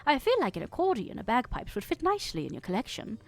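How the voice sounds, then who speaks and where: A woman's voice: a little high, huge pitch swings, fast talker, exaggerated voice. A woman putting on a posh British accent to voice a prim, proper lady reading aloud. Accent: British, put on.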